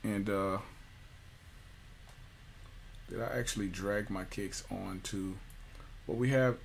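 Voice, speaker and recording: Laid-back, joking man with a low voice. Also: steady tone, measured pace, gravelly, a little hiss or hum. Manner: loose and jokey, slangy, lots of fillers. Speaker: music production tutor. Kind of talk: casual screen-recorded tutorial.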